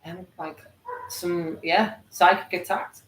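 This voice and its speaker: A host in casual chat, speaking softly and hesitantly with fillers. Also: mid-range voice, steady tone, slow. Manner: soft, hesitant interjections. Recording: echoey room with faint background noise.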